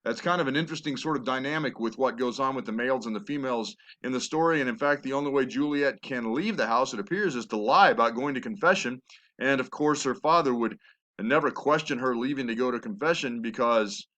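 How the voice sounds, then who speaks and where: A man's voice: medium pitch, brisk, bright, forceful tone. A chatty male teacher explaining a play. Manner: conversational, with fillers and asides. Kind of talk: recorded lecture.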